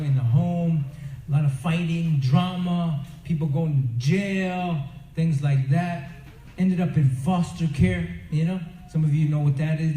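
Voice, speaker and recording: A man from the Crow Reservation in Montana, telling stories to young people in a loose, conversational way and acting out the characters. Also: on the high side. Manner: animated storyteller, acts out characters; conversational, full of "you know". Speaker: performer and motivational speaker. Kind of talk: storytelling talk to youth. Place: event hall. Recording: roomy echoing venue, faint ambience.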